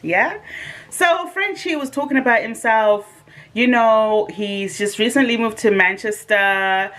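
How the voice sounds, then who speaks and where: A woman with a British accent, vlogging as she tells a dating story in a casual, animated way, acting out what people said. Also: fairly high pitch, a little slow. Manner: animated, dramatic retelling with quoted asides.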